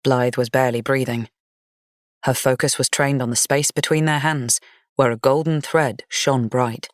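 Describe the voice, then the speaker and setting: A woman narrating a gothic fantasy romance audiobook in an even, measured storytelling manner. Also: rumbling low, no room sound, clean studio sound.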